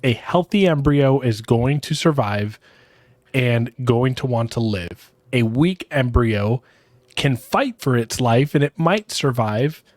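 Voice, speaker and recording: A man's voice: mid-range voice, animated, slow pace, no room sound, clean studio sound. A man co-hosting a podcast, reflecting candidly in a casual chat. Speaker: podcast co-host.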